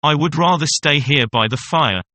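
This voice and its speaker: A man's voice: on the high side, normal speed, bright, forceful tone, no room sound. A man reading a mocking young mistress. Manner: teasing, scornful. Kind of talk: audiobook reading.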